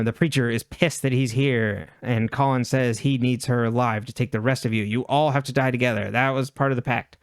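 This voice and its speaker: A man's voice: medium pitch, clear, resonant tone, dry recording, studio quality. A man co-hosting a podcast, casually recapping a TV episode with offhand asides and chuckles. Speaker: podcast co-host.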